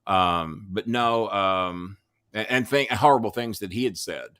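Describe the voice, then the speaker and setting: Older man, southern-raised, blunt and profane storytelling, lowish voice, dry recording. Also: a little slow, a bit bright, no room sound. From Southern United States. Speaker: guest. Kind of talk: casual storytelling chat.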